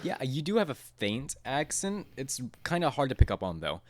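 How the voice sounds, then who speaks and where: A man's voice: medium pitch, normal speed, no room sound. Young man, easy musing podcast chat. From American South. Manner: relaxed, musing, filler-heavy. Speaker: podcast co-host. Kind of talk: casual chat.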